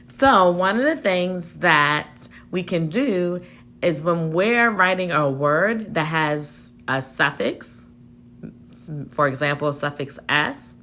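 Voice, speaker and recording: A woman teacher leads a spelling dictation at a very slow, deliberate pace. Her voice sits a little low, and she spells each word letter by letter, syllable by syllable. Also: fairly bright tone, a little hiss or hum.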